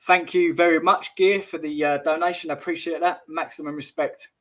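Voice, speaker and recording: A man's voice: a little high, fairly even intonation, a little fast, fairly bright tone. A man hosting a casual livestream, chatting and joking with viewers and calling them mate. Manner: chatty and jokey, says mate, laughs at chat comments. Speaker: YouTube livestream host. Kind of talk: casual live-stream chat.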